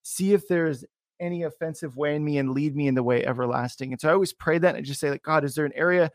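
Young male podcast host with a fairly high voice on a dry mic, casual and excitable. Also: quick pace, no room sound. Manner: enthusiastic, casual, many fillers. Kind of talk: podcast interview.

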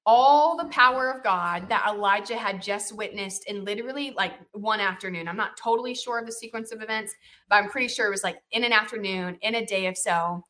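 A woman teaching from the Bible, retelling the story in a chatty, animated way, full of "you know" and "like" and checking in with "right?" and "okay?". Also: medium pitch, brisk. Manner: animated retelling with lively emphasis.

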